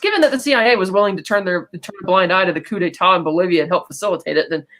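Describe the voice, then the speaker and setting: Brief: fast-paced podcast co-host, casual rambling recap, mid-pitched, tosses in quick acted-out quotes. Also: fairly bright tone.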